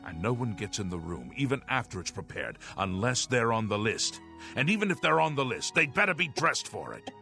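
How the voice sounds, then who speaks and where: A stern, bossy male castle steward for a video game, laying down the rules in curt warnings. His voice is gravelly and sharp-edged, with a lively, swinging pitch. Faint game music sits behind him. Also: a little fast, full character voice. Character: stern male castle steward guarding a noble dinner party.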